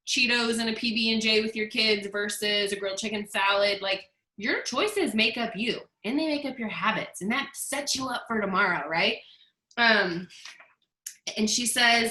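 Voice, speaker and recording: A woman's voice: mid-range voice, pushed and bright. A woman in her thirties giving a chatty, emphatic motivational book talk to her team. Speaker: team leader. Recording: echoey room.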